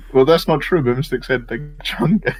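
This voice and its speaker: A man guesting on a casual reaction chat, full of joking, sarcastic banter. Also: fairly high pitch. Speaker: guest co-host.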